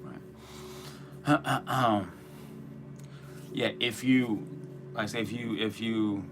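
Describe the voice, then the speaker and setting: A man with a fairly low voice talks through spiritual ideas in a casual, halting way, stopping and restarting his sentences. Music plays clearly behind him. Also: steady tone. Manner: rambling, halting delivery with many restarts and fillers. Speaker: co-host of a spirituality show.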